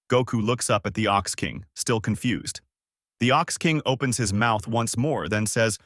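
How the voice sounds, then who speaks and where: A man narrating a fan story in a plain, steady reading style. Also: fairly low pitch, normal speed, no echo, studio quality.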